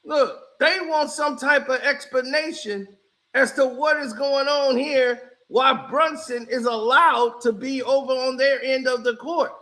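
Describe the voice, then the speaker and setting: A man doing casual, animated reaction commentary on a basketball clip, mocking and shouting as he reacts. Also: very high voice, unhurried. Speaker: sports commentary streamer.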